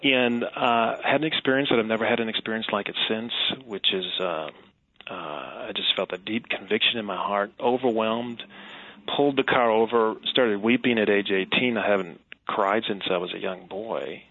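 A middle-aged man from Wisconsin tells his story as an interview guest, earnest and reflective, now and then laughing softly. His voice carries a gravelly fry. The sound is dry and squeezed through a narrow, phone-like band. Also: on the low side, normal speed, no echo. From Wisconsin, USA. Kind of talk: personal testimony in an interview. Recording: tinny phone-like line.

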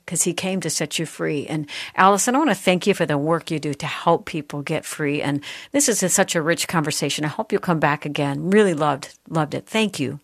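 A woman's voice: low voice, fairly quick, few pauses, no echo, studio quality. A woman hosting a talk show who interviews her guest and speaks to her listeners in a heartfelt, encouraging way.

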